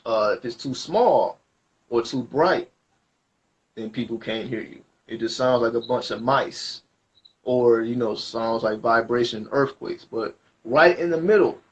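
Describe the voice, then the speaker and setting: A man gives a spiritual reading at a middle pitch, talking in loose, rambling and slangy explanations. The recording sounds dull and lo-fi. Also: unhurried. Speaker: spiritual reader. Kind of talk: casual spoken reading.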